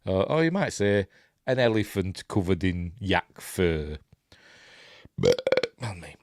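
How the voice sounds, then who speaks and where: A man's voice: deep voice, sing-song, a little slow, no room sound, studio quality. A man with a Yorkshire accent hosting a live news stream, reading sci-fi stories and breaking off for wry, sarcastic asides.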